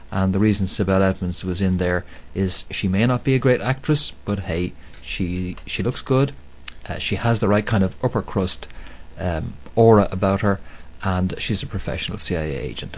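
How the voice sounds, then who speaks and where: Male radio host, very low voice, emphatic monologue, repeats himself. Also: normal speed. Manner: emphatic, repetitive, with many fillers. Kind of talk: monologue commentary.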